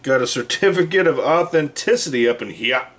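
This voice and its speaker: A man's voice: a little high, expressive, brisk, fairly bright tone. A middle-aged man hosting his own channel, talking casually and bluntly to camera, with a little mild cursing. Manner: blunt, plainspoken, slightly profane. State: hiccups. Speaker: channel host.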